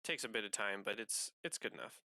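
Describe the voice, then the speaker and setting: A man's voice: on the low side, lively intonation, a little fast, bright, forceful tone, no room sound. A man narrating as game master of a tabletop game, hesitant with many fillers.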